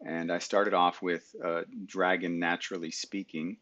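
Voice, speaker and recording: A man's voice: low-pitched, flat delivery, normal speed, fairly bright tone, muffled recording. A middle-aged man hosting a live stream, talking casually through his screen and muttering back at his computer, recorded on a webcam mic. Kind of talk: casual screen-share talk.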